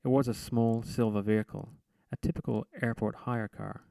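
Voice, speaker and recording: A man reading his own short story aloud in a measured, deadpan narration. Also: lowish voice, vocal fry, smooth, no echo. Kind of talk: literary reading.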